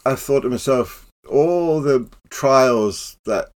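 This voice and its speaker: An older man, a professional clown telling stories in a relaxed interview. He laughs often and acts out the voices in his tales. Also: medium pitch, slow. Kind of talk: casual storytelling interview.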